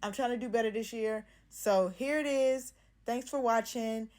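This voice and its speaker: A woman's voice: a little high, normal speed, a little mellow. A young woman vlogger talking through a craft tutorial in a casual, playful, slangy way.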